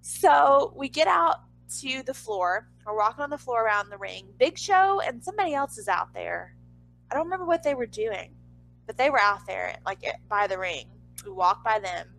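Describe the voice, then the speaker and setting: A woman's voice: lively intonation, moderate pace, creaky, fairly bright tone, low-quality recording. A woman casually telling a personal story, chatty and full of "like", swearing now and then and acting out others' lines. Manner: acts out others' lines in a higher voice.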